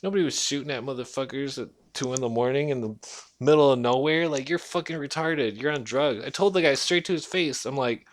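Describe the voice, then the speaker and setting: A man's voice: mid-range voice, brisk. A man delivering a blunt, profanity-heavy casual rant to the camera. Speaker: vlogger.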